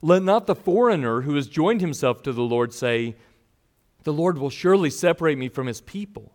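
A man preaching a sermon, reading scripture and voicing the people in the story with expressive shifts. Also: fairly high pitch, moderate pace.

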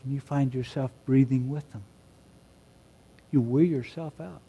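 A man delivers a sermon in a mellow, dark-toned voice. He drops to quiet reflection at times, then rises to loud, emphatic shouts. His pitch sits in a middle range for a man. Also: fairly even intonation, measured pace, breathy edge, muffled recording. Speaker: pastor.

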